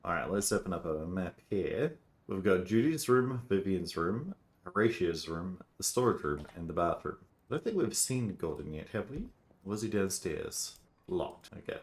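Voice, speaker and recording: A man casually playing a detective game, reading text aloud and thinking out loud with frequent hesitations. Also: sits low, very animated, normal speed. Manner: hesitant, lots of ums. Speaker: gameplay narrator.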